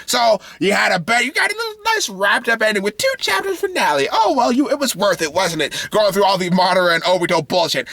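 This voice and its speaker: Man, frustrated vlog rant, swears a lot, bright sharp tone, dry close sound. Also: high voice, very animated, brisk, few pauses, no echo. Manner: heated, profane and frustrated, with frequent laughter. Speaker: anime video creator. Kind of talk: ranting reaction vlog.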